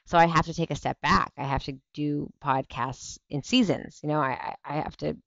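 A woman's voice: deep voice, fairly even intonation, normal speed, gravelly, no room sound. A woman in her thirties hosting a casual talk show livestream, chatty and rambling, tired and burnt out. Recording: dull lo-fi stream audio.

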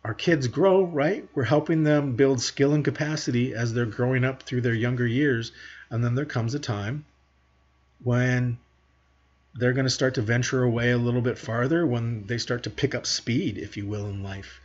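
Husky guy lecturing parents, earnest, asks lots of questions, kinda muffled lo-fi sound. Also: mid-range voice, normal speed. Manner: earnest, talks to parents directly with rhetorical questions. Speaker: parenting educator. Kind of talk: teaching monologue to camera.

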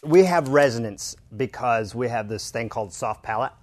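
A man's voice: mid-range voice, expressive, normal speed. A man explaining speech as a coach in an interview, stretching his example words to demonstrate them. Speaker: accent coach.

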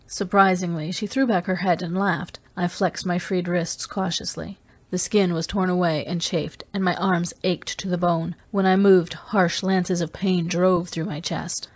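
A woman reading a novel aloud in first person, steady and even. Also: fairly low pitch, measured pace, no room sound. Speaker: audiobook reader.

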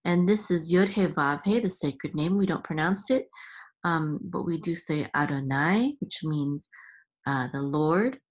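A woman's voice: low-pitched, measured pace. A woman hosting a reading lesson, patiently sounding out letters and syllables one at a time. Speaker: Hebrew reading teacher and podcast host.

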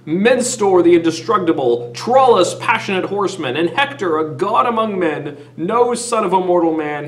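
A man putting on an old, grief-stricken king who bellows at his sons in a raised, strained voice. The ranting runs loud and high, with lively swings in pitch. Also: far from the mic. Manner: shouting, ranting.

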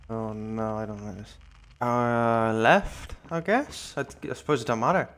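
A male streamer gives live gameplay commentary in a mid-pitched voice. He talks nervously to himself, muttering and asking questions. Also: unhurried, a bit bright. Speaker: VTuber streamer.

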